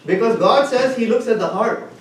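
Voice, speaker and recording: High-voiced man teaching a Bible class. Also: moderate pace. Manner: retells stories with questions to the class. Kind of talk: teaching a Bible lesson to listeners. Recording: echoey room, far from the mic, faint hiss.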